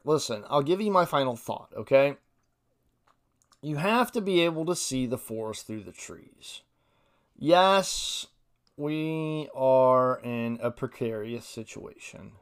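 Rambling solo podcast host, a man. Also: mid-range voice. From Ohio, US. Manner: rambling and self-deprecating, reads quotes aloud. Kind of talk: solo casual podcast commentary.

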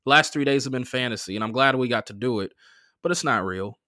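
A young man hosting a podcast, telling a personal story in a casual, animated way, with lots of swearing and quoted dialogue. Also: medium pitch, fast talker, no room sound, studio quality. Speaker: podcast host.

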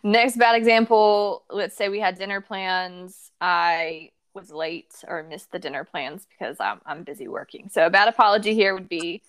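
A woman's voice: on the low side, moderate pace, few pauses, a bit bright, clean tone. A woman co-hosting a counseling podcast, chatting in a friendly, agreeing way and setting up examples for discussion. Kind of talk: conversational podcast advice.

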